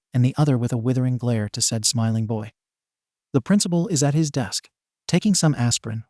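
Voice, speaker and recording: A man's voice: mid-range voice, warm tone, no room sound, studio quality. A man narrating a comic story in a wry, playful way.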